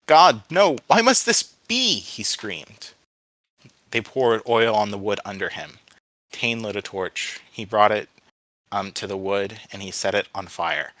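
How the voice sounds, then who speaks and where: A man's voice: lowish voice, fairly even intonation, unhurried, a bit bright, no room sound, rough recording. Man reading his story aloud. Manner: plain narration with small slips. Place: home, on voice chat.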